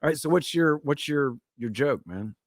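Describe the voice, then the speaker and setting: A man's voice: medium pitch, lively intonation, moderate pace, dry recording, studio quality. Laid-back man telling jokes. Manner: laid-back, laughs at his own jokes. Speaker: podcast co-host. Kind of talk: casual chat, telling jokes.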